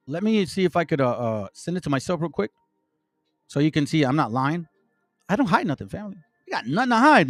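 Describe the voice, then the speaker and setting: High, animated man ranting in commentary. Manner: heated, ranting, profane, stumbling restarts. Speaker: channel host. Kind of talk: online commentary, reading aloud and reacting.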